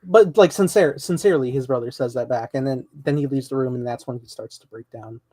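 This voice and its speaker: A man co-hosting a podcast, recapping a TV episode in relaxed, rambling casual chat with many fillers. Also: mid-range voice, a little fast, no echo. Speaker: podcast co-host.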